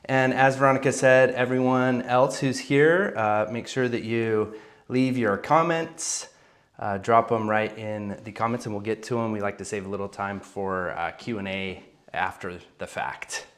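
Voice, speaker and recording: A man's voice: fairly low pitch, unhurried, a bit bright. Man, co-host, upbeat, friendly, casual live stream chat.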